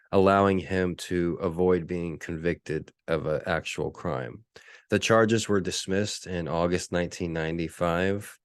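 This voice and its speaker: A man hosting his own solo podcast, talking casually and deadpan, with lots of ums and uhs. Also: sits low, no room sound, clean studio sound. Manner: relaxed, filler-heavy, deadpan. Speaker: podcast host.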